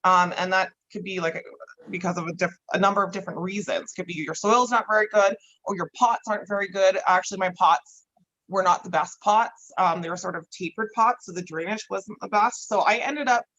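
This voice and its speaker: A woman's voice: mid-range voice, steady tone, brisk, fairly bright tone, lo-fi sound. A woman chatting casually as a podcast guest, laughing often and swearing freely. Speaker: guest grower.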